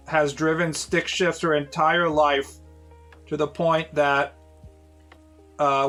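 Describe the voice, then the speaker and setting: A man's voice: a little high, a bit bright. A man in his late thirties, a streamer casually telling rambling, profane stories to his viewers with lots of fillers. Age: 30s.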